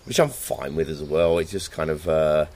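A man's voice: rumbling low, lively intonation, normal speed, a little mellow. A man chatting casually and thoughtfully, often stumbling and repeating his words. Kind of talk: casual conversation.

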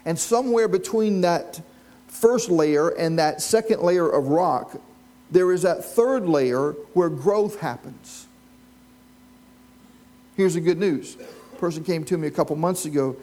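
In a church with a live congregation, a male pastor preaches a sermon, telling stories and asking the congregation questions. His voice is fairly high-pitched and mellow.

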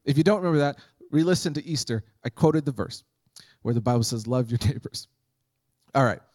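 A man's voice: mid-range voice, animated, brisk, a little mellow, dry recording. A man preaching a sermon as pastor, conversational and humorous, acting out Bible scenes.

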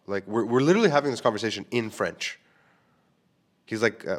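Candid man in his thirties, low voice. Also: fast. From Quebec, Canada. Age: 30s. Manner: candid, rambling, frequent "like" fillers. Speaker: podcast host. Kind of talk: solo podcast monologue.

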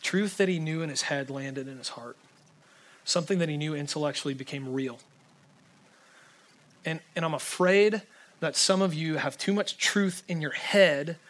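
Guy preaching, kinda high voice, super conversational, gets fired up then goes quiet and intense. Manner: conversational, heavy on fillers like "like"; impassioned, swinging between urgent and hushed. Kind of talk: sermon.

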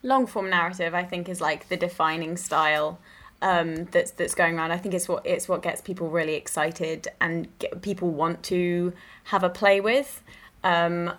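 A woman's voice: lowish voice, normal speed. A woman from South East London with a London accent, an improviser chatting casually and acting out quoted lines in a raised voice. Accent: London English. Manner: animated, acts out quotes in raised voice. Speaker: improviser guest. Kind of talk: casual podcast chat.

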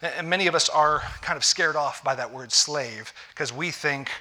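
Bright-voiced man preaching a sermon. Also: fairly high pitch, normal speed. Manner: conversational preaching with repeated restarts. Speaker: pastor.

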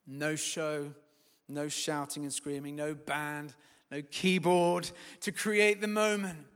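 Man, sermon, high voice, emphatic swells then hushed lines, long hall echo. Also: takes it slowly, clean tone. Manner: animated, building to loud emphatic peaks then dropping quiet. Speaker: preacher.

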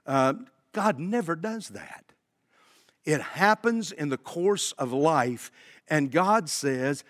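A man preaching a sermon as pastor, emphatic and swinging between loud and hushed delivery. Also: on the high side, lively intonation, takes it slowly. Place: church sanctuary. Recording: long hall reverb.

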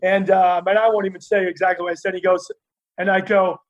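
A man telling rambling, animated stories in a casual interview, full of fillers and restarts. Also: high-pitched, fairly quick, dull audio. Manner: laughs while telling stories. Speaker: interview guest, former wrestler.

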